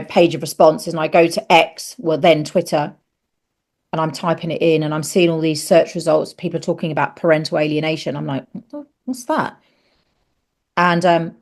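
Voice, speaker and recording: A middle-aged woman talks openly as a podcast guest, her voice sitting at an ordinary middle pitch. She tells the story frankly and swears freely. When she plays out each exchange, she jumps up into animated, higher voices. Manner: animated, acts out the dialogue in raised voices. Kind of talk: candid personal storytelling.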